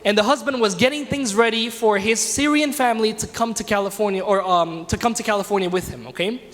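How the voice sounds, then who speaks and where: A man with a high voice leads a religious lesson in a mosque. He tells the story in a loose, conversational way and keeps turning to his class with questions. His voice rings out with a long echo in the hall. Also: a little fast, fairly bright tone. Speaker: teacher leading a class. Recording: reverberant hall.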